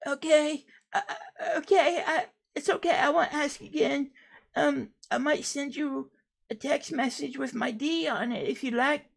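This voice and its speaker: A man voicing a boastful young male streamer who whines and sobs in a high, cracking voice. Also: steady tone, a little slow, vocal fry, heavily acted. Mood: pleading.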